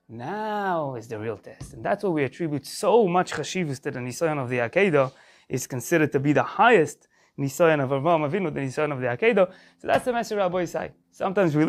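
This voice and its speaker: A man's voice: fairly high pitch, vocal fry. A man, a rabbi giving a Torah lesson in English full of Hebrew terms and rhetorical questions.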